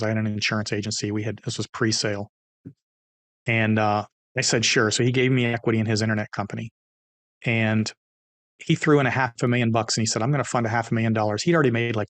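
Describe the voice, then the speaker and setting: Energetic middle-aged man telling stories. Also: fairly low pitch, no echo. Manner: energetic, animated storyteller who acts out dialogue. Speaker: podcast guest. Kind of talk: interview storytelling.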